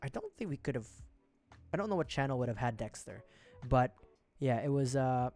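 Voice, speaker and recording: A man's voice: medium pitch, animated, normal speed, a little mellow, faint music behind. Rambling casual streamer man from the Philippines. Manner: rambling, self-interrupting, joking asides. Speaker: livestream host. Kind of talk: casual livestream chat while building a model kit. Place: home streaming setup.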